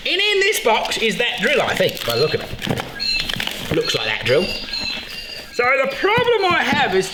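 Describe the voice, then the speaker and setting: Aussie guy in his middle years, high voice bouncing all over, jokey and sweary, echoey noisy room. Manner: excitable, joking, swears freely. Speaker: beekeeper and show host. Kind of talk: casual vlog chat. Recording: echoey room with loud background noise.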